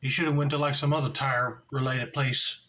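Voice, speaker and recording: A man's voice: mid-range voice, little pitch movement, a little fast, bright, forceful tone, low-quality recording. A man reacting to a video clip with mild, disbelieving commentary.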